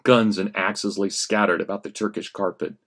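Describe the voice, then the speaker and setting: A history professor reading a story aloud in class, expressive, rising for action and dropping low for menace. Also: male voice, normal speed. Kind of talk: dramatic reading of a story in a lecture.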